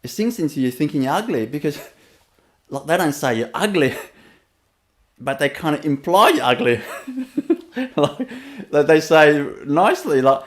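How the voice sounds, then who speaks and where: A man's voice: fairly high pitch, animated, a little fast. A man with a Vietnamese accent gives a rambling, storytelling webinar talk as a spiritual teacher, laughing often and leaning on fillers.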